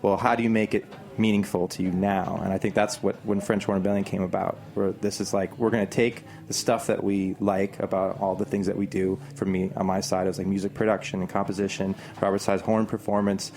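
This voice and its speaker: Low-voiced musician, thoughtful talk. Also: male voice, level tone, fairly quick, a little mellow. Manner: thoughtful, rambling. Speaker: musician guest. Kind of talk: casual interview chat.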